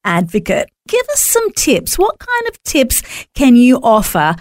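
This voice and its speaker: A woman's voice: sits high, huge pitch swings, unhurried, dry recording, clean studio sound. A woman hosting a faith radio interview, encouraging and full of praise. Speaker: radio host.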